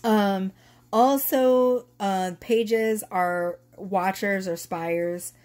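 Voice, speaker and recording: A woman's voice: medium pitch, steady tone, extremely slow, a little mellow. A woman in her thirties who is losing her voice, chatting casually and swearing as she reads tarot cards to camera. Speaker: tarot reader.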